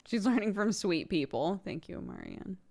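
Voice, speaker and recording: A woman's voice: mid-range voice, very animated, normal speed, a little mellow. A woman streamer and mother chatting casually with her viewers, rambling with many fillers and frequent laughs. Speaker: streamer host; mother of a toddler.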